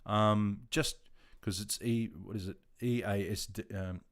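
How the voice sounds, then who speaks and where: A fifty-something Australian man with a lowish voice talks easily on a live stream. He reads viewer comments aloud and answers in a relaxed, friendly way, laughing often. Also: unhurried. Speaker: live streamer, army veteran. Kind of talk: casual live-stream chat.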